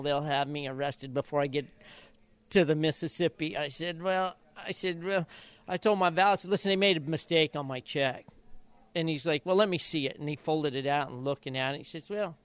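An older man from Idaho, a retired jockey, telling stories in an interview and acting out quotes in high voices. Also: clean tone, dry recording. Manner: animated storyteller, acts out quotes in high voices. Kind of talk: storytelling interview.

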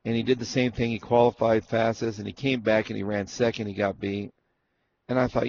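Here a retired jockey from Arizona talks briskly in a fairly low voice, sharing racing anecdotes during a casual interview. He tells them with animation, performing the lines people spoke. It's a dull lo-fi recording carrying faint noise.

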